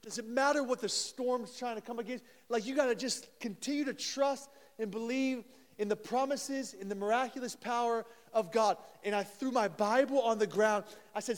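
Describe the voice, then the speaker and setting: A high-pitched man in his thirties delivers a sermon as pastor. He tells stories with eager restarts and repeated words. His voice carries a long reverb from a large hall. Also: normal speed. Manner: animated storytelling with many restarts.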